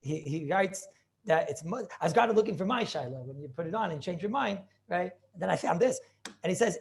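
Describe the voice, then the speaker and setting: A man's voice: high-pitched, expressive, fast talker, vocal fry, darkish tone. A man teaching a Talmud class over a video call, thinking aloud with many restarts and questions to his students.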